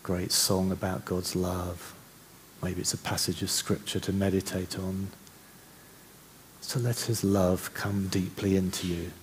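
Deep-voiced male preacher, conversational sermon delivery, faint background noise. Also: level tone. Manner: conversational, with restarts, slowing to soft reflective passages.

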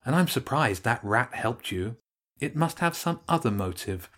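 A man voicing a stern, straight-faced female cat in a storybook reading, measured and severe. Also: mid-range voice, expressive, fairly bright tone.

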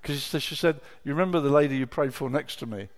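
A middle-aged man with a mid-range voice preaches a sermon, talking fast. He tells personal stories emotionally, dropping to a hush and then rising to loud exclamations.

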